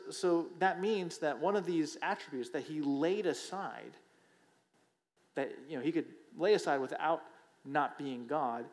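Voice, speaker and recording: A man's voice: a little high, darkish tone. A man preaching a sermon in a conversational way, often checking in with the listeners with a rhetorical question and repeating phrases for emphasis. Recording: long hall reverb.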